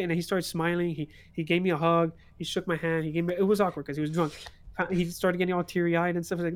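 Young guy streamer, slightly higher voice, lively storyteller, laughs a lot. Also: racing. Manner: animated storyteller, laughs often. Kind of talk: casual chat.

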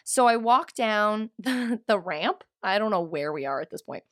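A woman co-hosting a casual chat podcast, animated and quick to gasp and squeal, from Staten Island, New York. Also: dry recording, clean studio sound. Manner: animated, gasping, jumps to high squeals. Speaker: podcast co-host.

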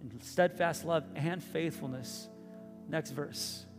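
A man preaching a sermon, telling the story with lively voices, swinging from loud bursts to hushed, intimate asides. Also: on the high side, slow. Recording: reverberant hall with faint music.

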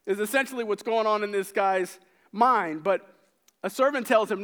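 A man preaching a sermon, retelling scripture stories with lively acted-out dialogue and frequent repeated words. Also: sits high, moderate pace, clean tone. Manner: animated storytelling, acting out characters' lines.

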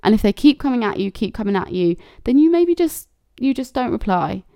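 A woman's voice: on the high side, sing-song, fairly quick, vocal fry, warm tone, no room sound, studio quality. A woman hosting a casual advice monologue, candid and blunt, swearing freely and acting out quoted messages. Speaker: podcast host.

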